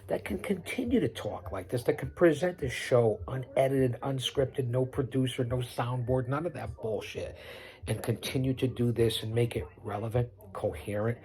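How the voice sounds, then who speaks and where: A man's voice: mid-range voice, mellow. A middle-aged man hosting his own podcast, giving unscripted live commentary over a wrestling broadcast in a boastful, preachy way, repeating himself and rattling off lists. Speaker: podcast host doing wrestling watch-along commentary.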